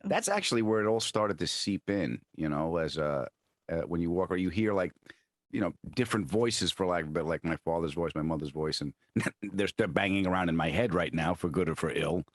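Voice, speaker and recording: A middle-aged man with a New York accent tells animated stories, often restarting mid-sentence. His voice sits very low, and the sound is dry and close to the mic. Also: brisk, dry recording. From Long Island, New York. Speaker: guest comedian and actor. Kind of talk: casual storytelling interview.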